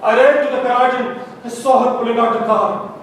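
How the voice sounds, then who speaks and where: A man plays a distraught father who stammers and repeats himself as he retells the night. His voice sits high. It is caught from a distance in a very echoey room, with steady hiss and a low rumble behind. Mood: frantic. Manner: halting, stammering, repeating words. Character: anguished father telling of a night with his daughter. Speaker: stage actor in rehearsal. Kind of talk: stage drama rehearsal. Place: rehearsal room.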